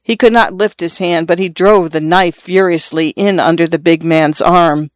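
A narrator reads a literary story aloud at a measured, steady pace. The voice sits in a middle pitch. The recording is dry and close. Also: dry recording. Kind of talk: audiobook narration.

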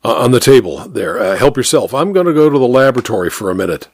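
A man's voice: mid-range voice, very animated, fast, dry recording, studio quality. A man voicing a cold, proud doctor who speaks in tight, clipped lines and gets nervous. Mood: tense.

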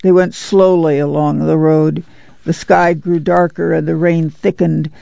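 A narrator reading a novel aloud at a steady, measured pace. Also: medium pitch, creaky, dry recording, dull audio. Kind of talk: audiobook narration.

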